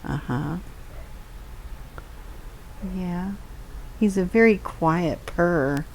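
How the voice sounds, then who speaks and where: A woman streaming from home, chatting slowly and softly to her cat at a desk microphone. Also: on the low side, vocal fry, a little hiss or hum, rough recording. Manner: slow, soft baby talk to her cat. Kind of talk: casual chat with her cat while gaming.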